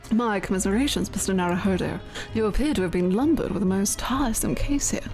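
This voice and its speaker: A woman voicing a haughty gentleman detective in a game read-along, in a slow drawl. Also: mid-range voice, faint music behind, voice pushed down, close to an everyday voice. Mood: languid.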